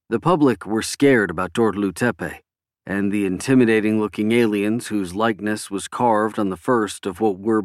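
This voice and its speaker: A man narrating a political novel in a measured, even reading. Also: fairly low pitch, dry recording, studio quality. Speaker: audiobook narrator. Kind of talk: scripted narration.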